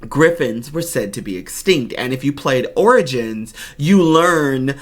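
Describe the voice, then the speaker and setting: A man giving an excited, gushing reaction commentary on a game trailer as a YouTuber. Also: mid-range voice, a little slow. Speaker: gaming YouTuber.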